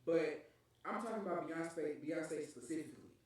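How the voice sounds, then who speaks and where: A podcast host chatting casually, making emphatic, animated points. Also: mid-range voice, moderate pace, heavy background noise. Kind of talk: casual chat. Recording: roomy echo.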